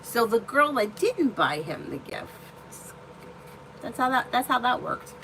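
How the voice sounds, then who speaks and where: A woman's voice: on the high side, very animated, slow, fairly bright tone, slight background noise, rough recording. A woman hosting a live tarot stream who chats casually and tells personal stories bluntly, swearing freely. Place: indoor room at home.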